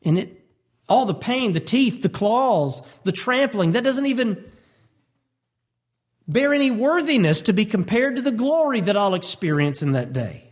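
Male preacher, high voice, lively storytelling delivery, reads scripture then explains it. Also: normal speed. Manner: animated, acts out voices and quotes. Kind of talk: expository sermon.

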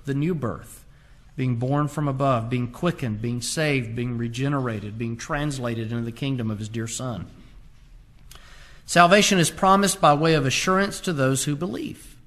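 A man's voice: medium pitch, a bit bright. A man preaching a sermon, quoting scripture with emphatic rises and drops in his voice. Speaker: pastor.

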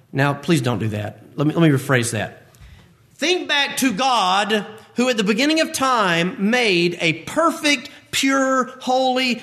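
A man's voice: high voice, bright, forceful tone. A man preaching a sermon, emphatic and repetitive, with vivid personal asides. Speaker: pastor.

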